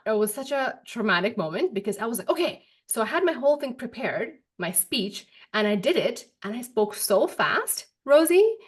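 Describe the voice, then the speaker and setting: A young adult woman hosting a podcast, telling stories in an animated, quick, expressive way. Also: a little high. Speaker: podcast host. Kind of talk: casual podcast chat.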